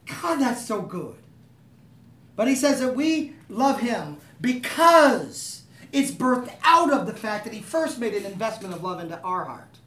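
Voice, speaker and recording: A man's voice: extremely high pitch, big pitch swings, a little slow, bright, forceful tone. A man preaching a sermon, talking conversationally and asking the room to agree with him. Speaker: pastor. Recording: echoey room, voice from a distance.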